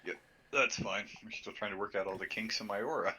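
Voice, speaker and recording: A man playing a tabletop game online, chatting in a relaxed way. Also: lowish voice, brisk, husky, low-quality recording. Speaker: player. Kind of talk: casual tabletop game chat.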